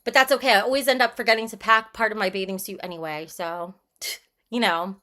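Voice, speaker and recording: A woman's voice: medium pitch, steady tone, brisk, bright, forceful tone. A woman livestreaming, chatting casually and bluntly, reading out and answering her chat. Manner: breezy, frank and irreverent.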